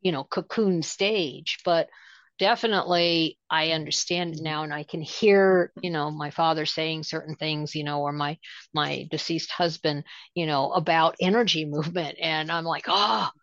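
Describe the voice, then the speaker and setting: A woman co-hosting a spirituality show in casual chat, talking in a meandering, halting way full of "you know" fillers. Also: low-pitched, steady tone, no room sound. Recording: dull lo-fi dry audio.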